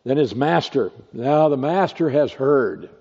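A male pastor preaching an expository sermon, teaching slowly and deliberately with rhetorical questions. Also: mid-range voice, animated, vocal fry, warm tone, breathy edge. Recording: dull lo-fi recording with long hall reverb.

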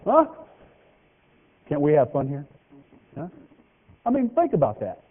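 A male pastor preaches a sermon at an unhurried pace, folksy and joking, his pitch swinging lively. The hall is heard through a tinny, phone-like radio broadcast.

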